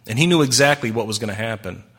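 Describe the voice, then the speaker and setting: A man preaching a sermon with a bright, forceful voice. He talks to the congregation in a conversational way and keeps asking them rhetorical questions. He acts out the voices of the people in his stories. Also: medium pitch, fast, husky. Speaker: pastor.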